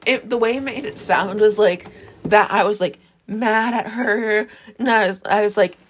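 A woman's voice: medium pitch, normal speed, a little hiss or hum. A woman hosting a casual solo podcast, rambling, sarcastic and correcting herself, recorded on a phone. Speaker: podcast host.

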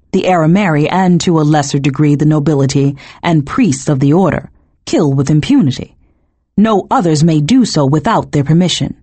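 A woman narrator voicing a cold, zealous male cult leader who speaks in a measured, slightly clipped way, with a husky, animated delivery. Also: sits low, no echo, pitched below the performer's own voice.

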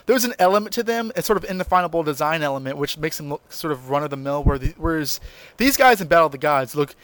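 Enthusiastic, rambling man, higher voice. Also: animated, quick pace, a bit bright, dry recording. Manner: rambling, enthusiastic, restarting sentences. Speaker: podcast co-host. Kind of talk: casual chat.

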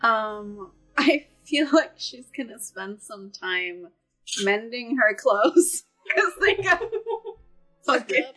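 Woman player cracking jokes and swearing, bright sharp voice, music faint. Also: a little high, lively intonation, slow pace, rough recording. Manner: joking, swears casually. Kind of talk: tabletop role-play, casual.

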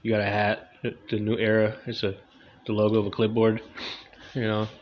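A man's voice: fairly low pitch, monotone, brisk, slight background noise. A young man doing a loose, crude, slangy stand-up comedy monologue, in a dull lo-fi recording.

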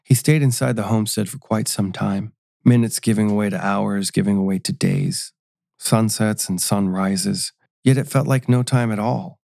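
A man reads a scripted story at a measured storytelling pace, his voice low and gravelly with a dark, mellow, steady tone. The recording is close and dry.

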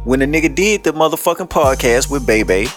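A man's voice: mid-range voice, lively intonation, a little fast, faint music behind. A man hosting a podcast, ranting blunt, profane commentary and laughing often. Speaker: podcast host.

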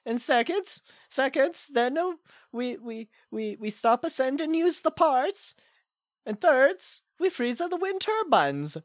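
A man voicing a bumbling, scheming Swedish man in a put-on Swedish accent and broken, halting English. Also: extremely high pitch, very animated, no room sound, clean studio sound, voice pushed down, exaggerated voice. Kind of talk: comedic improvised call-in character.

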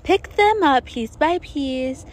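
Her voice is high-pitched with lively intonation, but she speaks slowly, and there's slight background noise. A young adult woman, she's hosting a casual solo podcast from the desert as airplanes fly over. She comes across chatty, profane and self-mocking, laughing often.

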